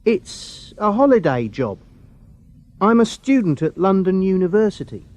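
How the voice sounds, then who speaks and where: Storybook part: a man voicing an earnest young student, pitched up, lively and slow. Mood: eager. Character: young male student, nervous new night cleaner.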